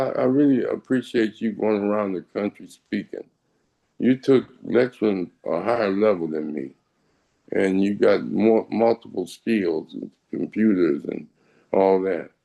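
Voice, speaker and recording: Gravelly older man speaking in a fatherly way. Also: on the low side, poor audio. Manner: measured, fatherly, praises warmly. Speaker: honored elder, father. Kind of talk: casual spoken reply.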